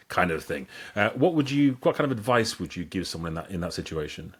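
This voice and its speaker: Lower-voiced man asking loose questions. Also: sing-song, quick pace, few pauses, slightly rough. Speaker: interviewer. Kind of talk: casual interview.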